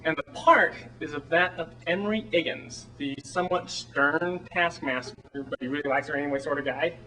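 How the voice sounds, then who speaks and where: A man's voice: on the high side, moderate pace, pushed and bright, recorded from a distance, low-quality recording. A man playing a gushing, flamboyant small-town theater director. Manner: chatty, rambling, gushing. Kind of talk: film monologue performance.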